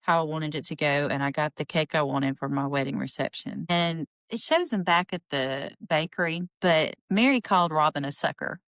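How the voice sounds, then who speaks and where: A woman hosting a podcast, recapping a reality show in a chatty, indignant way and quoting people in lively voices. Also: deep voice, normal speed, hardly any pauses, no echo. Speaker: podcast host. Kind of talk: casual commentary on a reality show.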